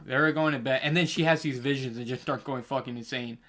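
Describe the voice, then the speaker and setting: Man, podcast co-host, relaxed, slangy, casual chat. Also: medium pitch, brisk.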